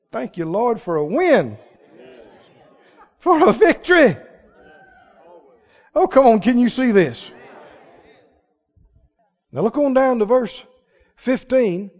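A very high-pitched, highly animated preacher takes his sermon slowly, pausing often and urging the congregation to answer him, with a faint crowd audible. The church sanctuary recording sounds dull and echoes through the large hall.

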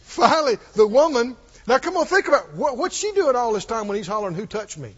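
A man preaching a sermon, telling the story with animated delivery, acting out quoted lines and chuckling often. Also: very high voice, fast, husky, dull audio.

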